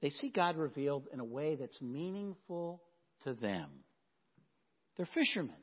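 A man preaching a sermon as pastor, earnest and emphatic, often dropping to a hush. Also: on the high side, very animated, a little slow, slightly rough. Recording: dull sound with long hall reverb.

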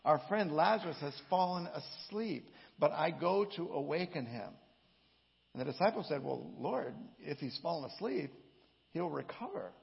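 A man's voice: mid-range voice, creaky, breathy edge. A man preaching a sermon, reading scripture aloud with his own dramatic inflection. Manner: reads scripture with dramatic inflection, slow and emphatic. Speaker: pastor. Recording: dull echoey hall.

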